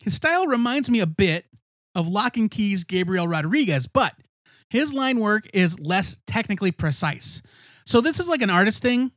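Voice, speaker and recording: A man's voice: high voice, very animated, normal speed, fairly bright tone, no room sound, clean studio sound. A man co-hosting a podcast, chatting casually about comics, rambling and correcting himself as he goes. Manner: rambling, self-correcting, laughs often. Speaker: podcast co-host. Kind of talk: casual comic review chat.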